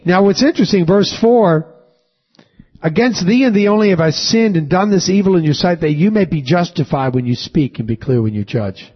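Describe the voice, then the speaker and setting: Reading scripture and pausing to pose questions to the congregation, a high-voiced pastor delivers an animated sermon in a church sanctuary. His slightly rough voice builds emphasis on key words, captured in a slightly dull, lo-fi recording.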